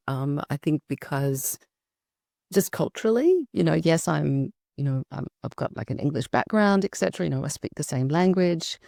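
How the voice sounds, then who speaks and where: A woman's voice: low voice, gravelly, dark tone, dry recording, clean studio sound. A middle-aged Australian woman, a podcast guest, talking in an upbeat, chatty way with plenty of fillers. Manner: upbeat, talkative, frequent fillers. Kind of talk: conversational interview.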